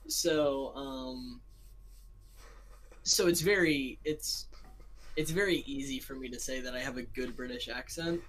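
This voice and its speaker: Young adult American male, podcast co-host, rambling self-deprecating chatter, laughs easily, middle pitch. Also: a little slow, pauses often, a bit bright, rough recording. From United States. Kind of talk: casual chat.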